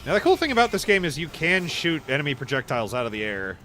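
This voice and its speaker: Brief: young male streamer, bright forceful voice, faint hiss behind, goofy and laughing. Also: fairly high pitch, sing-song, fast. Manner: goofy, laughing, quoting cartoon lines in silly voices. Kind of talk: casual gaming stream chat.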